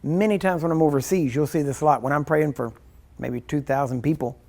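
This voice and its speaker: A man's voice: on the high side, steady tone, brisk, a little mellow. A man teaching a ministry class in a loose, rambling, conversational way, acting out little scenes and chuckling as he goes. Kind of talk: informal teaching sermon.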